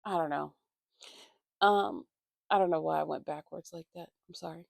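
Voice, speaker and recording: A woman tells a story in a casual, heated way, swearing freely and filling every gap. Her voice sits low and is thick with vocal fry. It was recorded on a phone with a dry, close sound and no room echo. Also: fairly even intonation, normal speed. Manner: profane, heated venting with constant fillers. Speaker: vlogger. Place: indoors at home getting ready.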